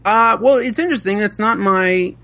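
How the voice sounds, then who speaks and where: A man's voice: sits high, normal speed, pushed and bright, a little hiss or hum. A man, a father and voice actor, chatting in a casual interview and laughing often. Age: adult with children. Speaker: voice actor guest.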